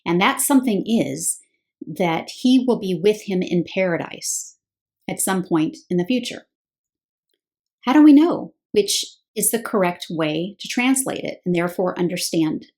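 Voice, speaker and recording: A woman's voice: fairly low pitch, animated, a little slow, darkish tone. A woman giving a scripted Bible teaching talk, explaining step by step and posing rhetorical questions.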